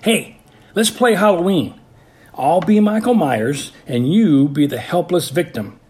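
A man voicing an excitable, playful young boy who talks loudly in a storybook tale. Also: a little high, unhurried, pitched above the performer's own voice. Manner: shouting, boisterous.

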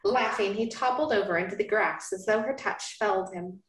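A woman hosting a podcast, reading a romance novel aloud in a hushed, dramatic cadence. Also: medium pitch, brisk. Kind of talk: dramatic reading with joking asides. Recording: roomy, echoey room.

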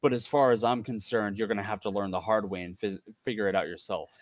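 A man doing a low, slow, cryptic shadow creature. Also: steady tone, dry recording, close to an everyday voice. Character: mysterious male shadow creature with a wolf skull.

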